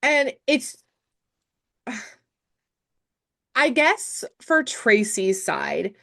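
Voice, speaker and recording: A woman's voice: fairly high pitch, very animated, extremely slow, gravelly, a bit bright. A young woman co-hosting a podcast, talking bluntly and with profanity, animatedly quoting characters. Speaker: podcast co-host. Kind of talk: casual chat about a movie.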